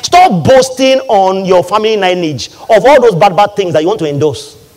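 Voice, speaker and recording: A man preaching a sermon in an animated call-and-response manner, leading the congregation in repeating his words. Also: high-pitched, moderate pace.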